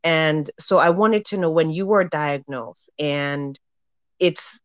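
A woman's voice: sits low, takes it slowly, dry recording. A woman hosting a casual panel discussion, thanking a guest and asking long, searching questions. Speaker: host.

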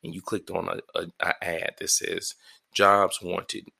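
Alone in his apartment early in the morning, a stand-up comedian hosts his own solo podcast, sleepy and yawning. His deep voice is unhurried, with little pitch movement, vocal fry and a pushed, bright quality. He rambles casually, swears freely and keeps running himself down.

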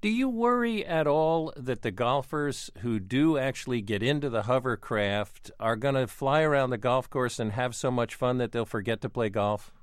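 A man's voice: medium pitch, expressive, moderate pace, hardly any pauses, clean tone, no echo, clean studio sound. A male radio host interviewing a guest, asking playful questions in an amused way. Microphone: studio mic.

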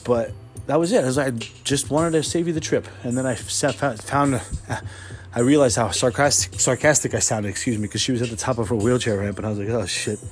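A man's voice: mid-range voice, fairly quick, faint music behind. Profane rambling man telling a story. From New Jersey. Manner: profane, rambling, self-correcting. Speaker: podcast host. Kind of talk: casual solo podcast storytelling.

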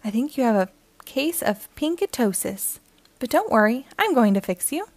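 A woman voicing a kind young girl who doctors her toys, gentle, upbeat and reassuring. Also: on the high side, big pitch swings, moderate pace, no room sound, pitched above the performer's own voice.

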